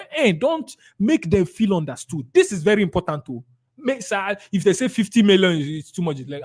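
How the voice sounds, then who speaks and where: A man's voice: sits high, very animated, a little fast, a little mellow. A man with a Nigerian accent leading a sales training webinar, emphatic and repeating his key points.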